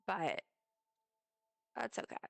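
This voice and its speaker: A woman's voice: slow pace, fairly bright tone, dry recording. A young woman streaming a game, chatting to her viewers in a rambling, friendly way as she plays. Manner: rambling, chatty, talks straight to her chat. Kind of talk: casual live-stream chat while playing.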